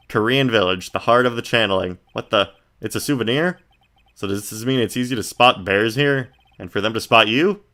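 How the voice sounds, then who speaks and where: A man streaming a game, reading the game text aloud in a casual, laid-back way, often murmuring his asides. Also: pushed and bright. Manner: laid-back, reads descriptions in a low murmur.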